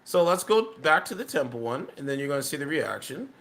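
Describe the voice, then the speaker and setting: A man's voice: a little high, sing-song, a little fast, very noisy. A man giving rambling video commentary, often tagging his sentences with "right?". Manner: rambling, keeps asking "right?".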